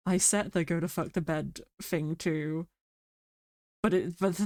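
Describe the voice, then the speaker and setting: A sick woman streamer chatting quietly and mumbling close to her microphone. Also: low voice, fairly even intonation, moderate pace, dry recording. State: sick, rough throat. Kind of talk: casual stream chat. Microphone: very close to mic.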